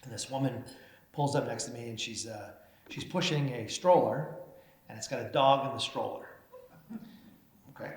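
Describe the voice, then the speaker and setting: A man's voice: medium pitch, normal speed, pauses often. A middle-aged man, a mayor, giving an award acceptance speech as a folksy storyteller with hesitant fillers, into a podium microphone in a large event hall. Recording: echoey hall, faint noise.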